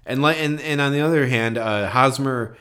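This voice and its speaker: A man co-hosting a podcast, giving easygoing baseball opinions, hedging and trailing off low at the ends of phrases. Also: moderate pace, fairly bright tone. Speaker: podcast co-host. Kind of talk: casual sports chat.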